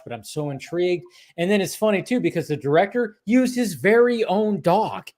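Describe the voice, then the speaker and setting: A man hosting a casual film chat, excitable and swearing freely. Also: high-pitched, fairly quick, few pauses. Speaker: podcast host.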